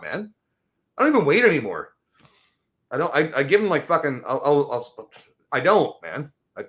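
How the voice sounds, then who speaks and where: A man's voice: on the high side, very animated, brisk, fairly bright tone. A middle-aged man ranting in casual chat, profane and rambling, laughing as he talks. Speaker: podcast host.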